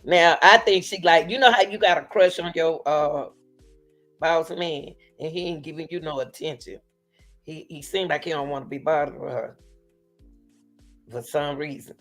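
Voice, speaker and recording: A woman's voice: deep voice, fairly bright tone, soft background music. A woman hosting a casual commentary show, talking to her viewers in an emphatic, chatty way. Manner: slow, emphatic, laughing asides, talks to viewers. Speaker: commentary channel host.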